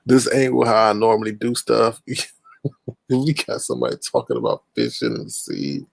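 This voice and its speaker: A man's voice: medium pitch, very animated, moderate pace, gravelly, no room sound. Exasperated man hosting a panel. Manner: exasperated, laughing, scolding. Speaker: panel host. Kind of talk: casual livestream panel chat.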